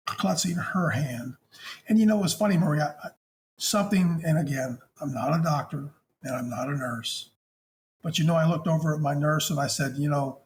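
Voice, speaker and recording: A man speaks as a hospice chaplain, recounting a patient visit in a gentle, affectionate, conversational manner. His voice sits a little higher than most men's. A faint hiss runs underneath. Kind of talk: conversational storytelling.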